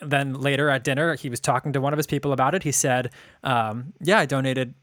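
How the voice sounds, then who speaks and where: A man's voice: mid-range voice, steady tone, quick pace, a bit bright, dry recording. A man co-hosting a podcast, telling stories in a wry, casual way. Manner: wry, storytelling. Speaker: podcast co-host. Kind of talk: casual chat.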